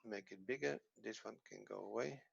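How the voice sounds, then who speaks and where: A man's voice: on the low side, fairly quick, creaky, husky, no echo. A man leading a screen-share lesson, enthusiastic and loose, thinking aloud as he moves between materials. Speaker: course teacher. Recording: dry lo-fi audio.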